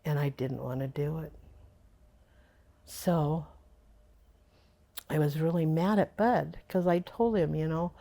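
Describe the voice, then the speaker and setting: Low, gravelly older woman reminiscing. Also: slow pace, long pauses, warm tone. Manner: rambling, reminiscing, with fillers and laughs. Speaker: interviewee. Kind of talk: oral history interview.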